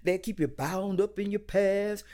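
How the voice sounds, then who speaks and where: A woman preaching a sermon in a rhythmic, repetitive cadence, swinging between hushed whispers and loud cries. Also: mid-range voice, measured pace.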